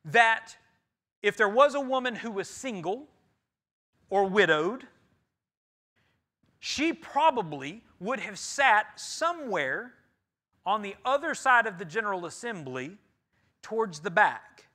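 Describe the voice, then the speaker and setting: A man with a Texan accent preaching to his congregation in a church sanctuary, lively and playful as he teases and addresses people directly. His voice sits high for a man and has a bright, forceful edge. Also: slow pace, long pauses. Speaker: pastor. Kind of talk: conversational sermon.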